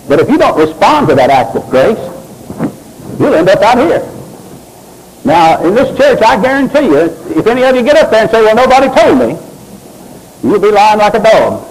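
This pastor's voice is high and a little mellow, very animated, moving at a moderate pace with frequent pauses. He preaches in church with swooping emphasis, reads scripture aloud, and names members of the congregation. The recording is rough, with slight background noise.

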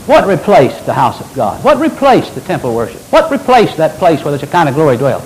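Animated older male preacher. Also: on the high side, moderate pace, pauses often, a little hiss or hum, low-quality recording. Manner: animated preaching with folksy asides. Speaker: pastor. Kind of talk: sermon.

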